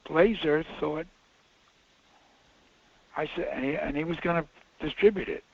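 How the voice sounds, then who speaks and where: A man's voice: a little high, measured pace. An older man, a film director, telling rambling, self-interrupting anecdotes in a casual interview. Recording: muffled dull interview audio.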